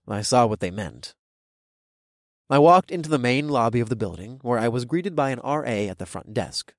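A man's voice: medium pitch, no room sound. A young man reading first-person narration in a wry, casual storytelling manner on a close mic. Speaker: audiobook narrator.

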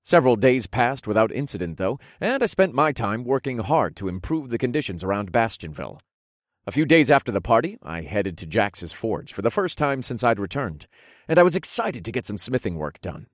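A man narrating a first-person fantasy audiobook with expressive storytelling, softening for intimate moments. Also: mid-range voice, a little fast, dry recording, studio quality.

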